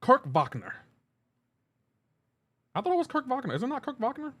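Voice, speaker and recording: A man's voice: very high-pitched, very animated, rapid-fire. A man streaming a game live, chatting casually, reading and answering chat aloud in a joking, teasing way.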